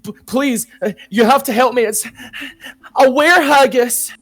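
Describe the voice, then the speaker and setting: A frantic adventurer begging for help, as a man puts him on in a tabletop game. The voice climbs high and stays loud, with a panicky, pleading edge. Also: a little slow, soft background music, heavily acted. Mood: panicked pleading. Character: frantic bleeding adventurer faking terror.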